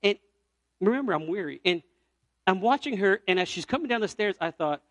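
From the pulpit, a Puerto Rican evangelist gives a storytelling sermon, his raised, high voice moving a little fast. He animatedly shifts between ringing shouts and hushed, almost whispered lines, recorded close and dry without room sound.

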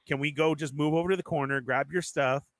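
Male storyteller, bright and fairly high, casual podcast chat, dry mic. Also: steady tone, fast, dry recording. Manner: acts out other people's lines in quoted voices.

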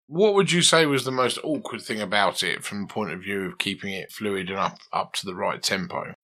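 Bright, chatty guitar teacher. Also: male voice, on the low side, brisk. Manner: chatty, coaching, asks questions. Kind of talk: conversational one-to-one lesson.

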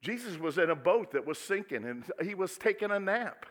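A male pastor preaching a sermon, swinging from quiet asides to loud, dramatic exclamations. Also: high voice, very animated, normal speed. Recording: echoey hall with long reverb.

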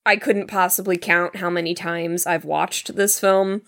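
A woman's voice: lowish voice, level tone, unhurried, fairly bright tone. A woman co-hosting a podcast, chatting casually and emphatically about a movie, cursing freely. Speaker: podcast co-host. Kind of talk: casual movie review chat.

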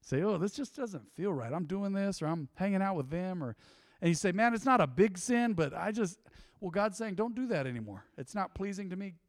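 A man preaching a sermon, swinging between loud swells and quiet, intimate drops. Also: high-pitched, animated, fairly quick, no echo, studio quality. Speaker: pastor. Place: church.

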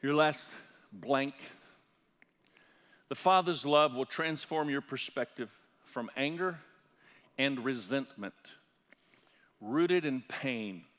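Bright-voiced man preaching in a church hall. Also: medium pitch, slow pace, long pauses. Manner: impassioned preaching, building to loud peaks. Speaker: pastor. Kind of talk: sermon. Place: church sanctuary.

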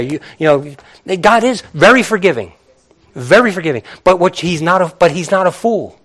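A middle-aged man preaching a sermon in a conversational, animated way, acting out little quotes as he goes. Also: high voice, normal speed. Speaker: pastor.

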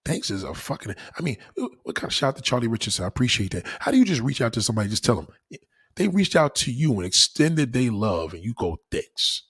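A man on his own channel, giving casual advice in an animated, preachy way, swearing freely. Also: medium pitch, quick pace, husky. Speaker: YouTuber.

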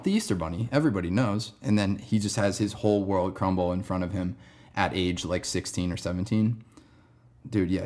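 Young male podcast host, fairly low voice, rambling casual storytelling, slangy and relaxed. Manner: rambling, laid-back, says "dude" and "man" a lot.

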